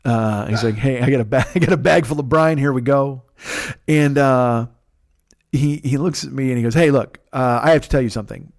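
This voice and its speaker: A man in his forties hosts a podcast, alone telling a comic story that wanders, curses and mocks himself, recorded on a close mic. His medium-pitched voice moves fairly quickly, and there's no room sound.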